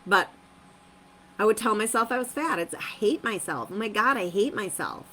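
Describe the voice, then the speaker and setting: Upbeat woman host of a motivational stream, bright lively voice, emphatic repeats. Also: medium pitch, normal speed, slight background noise, rough recording. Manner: upbeat, emphatic, repeats phrases, laughs often. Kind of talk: live-streamed motivational talk.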